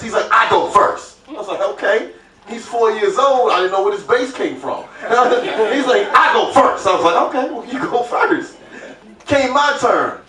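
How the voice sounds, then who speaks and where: A man performing a stand-up comedy set, telling a story loudly and acting out the voices of its characters. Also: very high-pitched. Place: comedy club stage. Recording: roomy club sound from a distant mic with crowd laughter.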